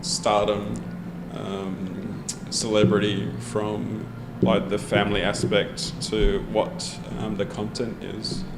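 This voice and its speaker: An Australian man with a lowish voice in a casual political discussion, joking around and slowing into halting questions. He sounds like he is in an echoey room, with an air conditioner humming clearly behind him. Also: monotone, noisy background. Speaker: panel member. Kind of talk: casual pub-style debate.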